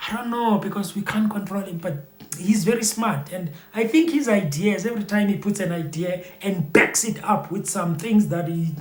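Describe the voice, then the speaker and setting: This high-pitched man from South Africa chats loosely with his audience as a YouTuber, moving at a moderate pace in a roomy-sounding space. He wanders from point to point, leaning heavily on filler words and saying the same things over again.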